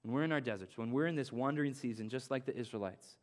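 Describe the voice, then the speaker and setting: A young male pastor in the middle of a sermon, talking with earnest conviction. He leans on repeated phrases and slips easily into casual slang as he preaches, his voice sitting at an ordinary middle pitch. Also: fast.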